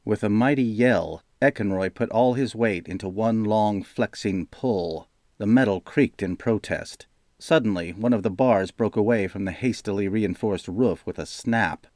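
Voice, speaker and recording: A man narrating a fantasy audiobook in a measured, steady reading. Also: on the low side, dry recording, clean studio sound.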